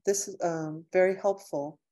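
On a video call, a middle-aged woman lecturer warmly closes her online lecture by reading audience comments from the chat aloud. Her lowish, mellow voice holds a steady tone at normal speed, and her replies are heartfelt and emotional.

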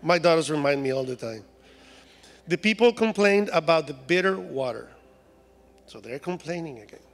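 Mexican-accented preacher with a high voice. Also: male voice, animated, moderate pace, vocal fry, big-room sound. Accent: Mexican Spanish. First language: Spanish. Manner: humorous, acts out voices of complaining people. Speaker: guest preacher. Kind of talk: sermon. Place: church sanctuary.

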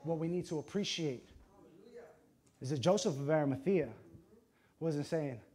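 The speaker is a pastor with a fairly high voice, preaching passionately. Hushed moments give way to loud ones, and he uses dramatic pauses along with short phrases delivered with emphasis.

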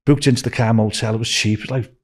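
A man's voice: fairly even intonation, fast. Liverpudlian man telling a long story. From Liverpool, England. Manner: rambling anecdotal, acts out quoted voices with raised pitch. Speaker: guest. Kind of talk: storytelling in a podcast interview.

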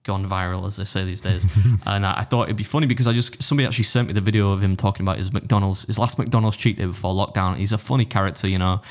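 A man's voice: lowish voice, fairly even intonation, rapid-fire, few pauses. A man chatting casually as an interview guest, rambling and self-deprecating, with many restarts. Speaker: food challenge YouTuber, guest.

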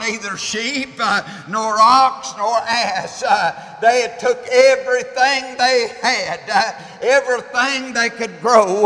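Man preacher, very high and slow, "uh"-chant delivery, long church reverb. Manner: rhythmic "uh" after every phrase, often says brother; rises to shouting as he builds. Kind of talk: chanted Baptist sermon. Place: church sanctuary.

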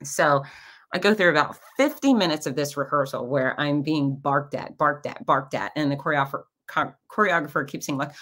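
A woman's voice: low-pitched, fairly quick. A middle-aged woman hosting her own podcast, telling stories in a chatty, casual way and acting out what people said. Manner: chatty storytelling with lively quoted asides. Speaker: podcast host. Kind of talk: casual monologue.

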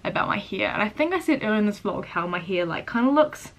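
A teenage girl vlogging casually, chatty and quick, turning earnest and close to tears as she speaks her mind. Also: medium pitch, sing-song. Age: teens. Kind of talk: casual day-in-the-life vlog and rant.

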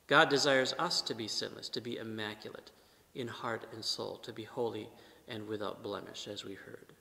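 A man preaching a sermon at Mass as a priest, measured, with emphatic rises and soft trailing endings. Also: lowish voice, fairly even intonation, vocal fry. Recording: long church reverb.

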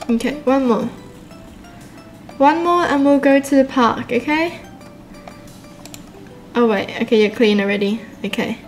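A woman hosting a let's-play video, giggly and excitable, laughing often as she comments. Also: high-pitched, a little slow, pauses often, soft background music. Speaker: gaming video host.

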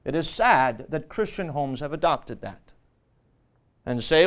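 A man teaching a Sunday school lesson as pastor, earnest and emphatic, often pausing on fillers. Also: a little high, lively intonation. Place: church.

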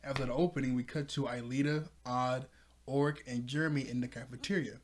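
A man hosting a casual episode recap, excitable and quick to laugh as he retells scenes. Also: medium pitch. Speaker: show reviewer.

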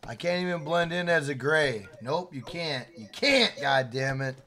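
A brash male streamer with a bright, forceful voice that swings widely in pitch. He swears constantly, shouts hype lines and greets chat viewers by name. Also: animated, moderate pace. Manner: loud, profane, shouts hype catchphrases; reads out chat names and thanks members. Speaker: streamer playing with his wife. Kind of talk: casual livestream gaming chat.

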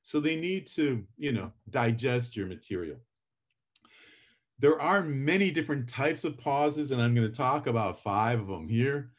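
A man's voice: mid-range voice, lively intonation, unhurried. Chatty man giving a live lecture. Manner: chatty, self-deprecating, plays out examples dramatically. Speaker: public speaking instructor.

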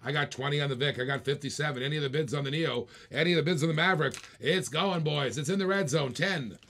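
Gravelly man calling a live auction. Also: on the high side, quick pace, a bit bright. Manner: playful, repetitive bid patter with jokes. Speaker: auctioneer and host.

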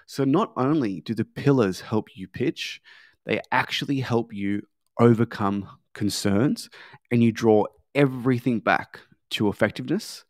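A man's voice: mid-range voice, darkish tone. A male sales trainer talks in a loose, conversational way, dropping in plenty of filler words. His voice sits in an ordinary middle range. The recording is dry, with no echo. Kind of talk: sales training with role-play.

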